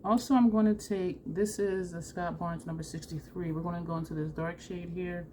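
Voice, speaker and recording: Woman makeup vlogger, low-pitched, chatty and self-mocking, faint hiss behind. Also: fairly even intonation, normal speed. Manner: chatty and self-deprecating, laughs often. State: runny nose. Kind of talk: casual makeup tutorial chat.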